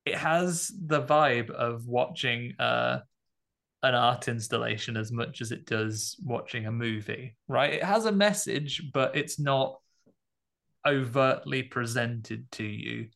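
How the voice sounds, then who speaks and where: A man with a gravelly, fry-touched voice talks through a film for a podcast. He is measured and thoughtful, weighing how general audiences will take it. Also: medium pitch, a bit bright. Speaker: podcast co-host, film critic. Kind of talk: casual film review chat.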